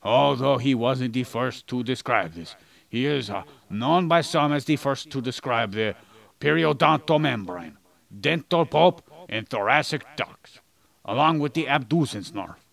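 Here a man co-hosts a podcast, walking through history in relaxed conversation with jokey, goofy asides. He speaks unhurriedly in a mid-range voice that's a bit bright, with vocal fry and lively intonation, and the recording quality is poor.

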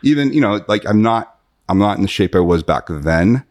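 A man in his fifties, a guest in a podcast interview, telling long animated anecdotes with many restarts. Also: lowish voice, moderate pace. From United States. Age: 50s. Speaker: guest, self-defense author.

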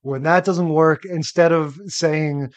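Man, podcast co-host, slightly higher voice, measured and analytical, relaxed chat delivery. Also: muffled recording. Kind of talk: casual chat.

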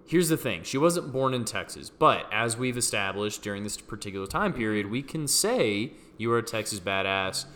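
A man's voice: on the low side, expressive, moderate pace, few pauses, fairly bright tone, a little hiss or hum. A man co-hosting a podcast, bantering casually and presenting a weekly segment. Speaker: podcast co-host. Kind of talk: casual chat.

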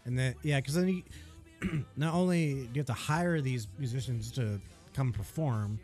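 A man's voice: mid-range voice, moderate pace, a little mellow, soft background music. Laid-back podcast guy swearing casually. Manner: laid-back, laughs often, swears freely. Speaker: podcast co-host. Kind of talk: casual chat.

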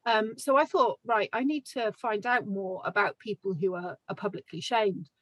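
A woman author being interviewed as a podcast guest, talking in a relaxed, reflective way with lots of fillers and small laughs. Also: medium pitch, normal speed, no echo, low-quality recording. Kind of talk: casual podcast chat.

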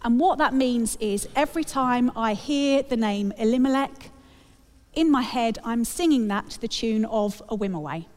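A woman delivers a sermon with a chatty, wry humour. Her voice sits somewhat high. The sound carries a long reverb, as in a church hall. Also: animated, normal speed, a little mellow. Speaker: preacher.

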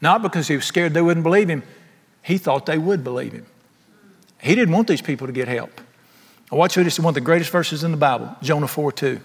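A preacher with a fairly high voice works through his sermon, joking and firing off rhetorical questions. His voice carries a long reverb, as if it rings through a large sanctuary. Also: a little fast, gravelly, husky. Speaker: pastor.

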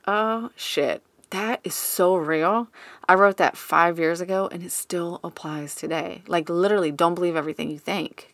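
Low-voiced woman chatting candidly. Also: fairly bright tone, no room sound. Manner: candid and chatty, swears casually. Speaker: podcast host. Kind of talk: casual solo podcast monologue. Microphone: studio microphone.

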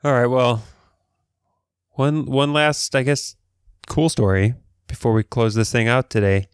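A man's voice: medium pitch, fairly even intonation, a little slow, clean tone, dry recording, clean studio sound. A man hosting a casual tech podcast, talking in a rambling way with frequent restarts. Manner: rambling, many restarts, chuckling. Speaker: podcast host.

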